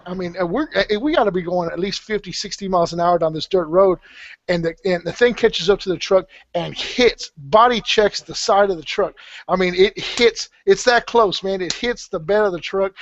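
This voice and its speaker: Man, high voice, rambling, full of restarts, dry muffled sound. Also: a bit bright, dry recording. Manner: rambling, many restarts and fillers, swears freely. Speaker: podcast guest telling a story. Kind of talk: casual storytelling. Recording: dull, slightly muffled podcast audio.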